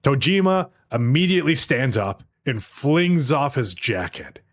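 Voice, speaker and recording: A man co-hosting a podcast who recaps an anime episode in a deadpan, casually profane way. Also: medium pitch, a little slow. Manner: retells plot deadpan with frequent swearing. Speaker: podcast co-host.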